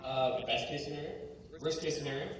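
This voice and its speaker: Easygoing male co-host, lively delivery, distant in a reverberant hall. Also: on the high side, fairly quick. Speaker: co-host panelist. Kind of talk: casual event chat. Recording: echoey hall from far off.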